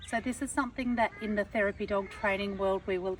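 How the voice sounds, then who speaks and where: A woman's voice: medium pitch, steady tone, fast talker. A woman dog trainer patiently explaining obedience commands outdoors, acting out the tones she uses. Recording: somewhat distant mic, faint background noise.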